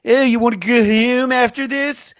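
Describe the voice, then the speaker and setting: A man mimicking a loud Philadelphia-area sports fan with a Delaware County accent. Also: very high-pitched, fairly even intonation, moderate pace, clear, resonant tone, no room sound, clean studio sound, voice pushed up. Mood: mocking.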